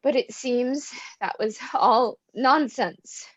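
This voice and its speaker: A woman's voice: fairly high pitch, slow, no room sound, dull audio. A woman playing a despairing young woman of twenty-three, crying through her lines in a cold read over a video call. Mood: wistful. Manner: sobbing, anguished outbursts. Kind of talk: cold-read stage drama.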